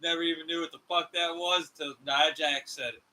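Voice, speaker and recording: A man's voice: a little high, steady tone, fairly quick, pushed and bright, rough recording. A man co-hosting a podcast in casual chat, blunt, argumentative and swearing. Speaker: podcast co-host.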